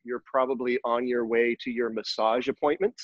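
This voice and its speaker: A man's voice: medium pitch, steady tone, moderate pace, no room sound, highs cut off. A man co-hosting a podcast in casual chat, telling rambling, joking stories. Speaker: podcast co-host.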